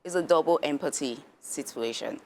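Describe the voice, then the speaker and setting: A woman guest on a breakfast TV show who explains child development in an animated way and acts out how parents react. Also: low-pitched, moderate pace, a little hiss or hum. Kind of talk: explanatory studio talk. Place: TV studio.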